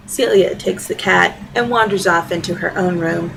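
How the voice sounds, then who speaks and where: A middle-aged woman reading her own personal essay aloud, with a wry, deadpan storytelling manner. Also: lowish voice, moderate pace, vocal fry, hardly any pauses, slight background noise, poor audio.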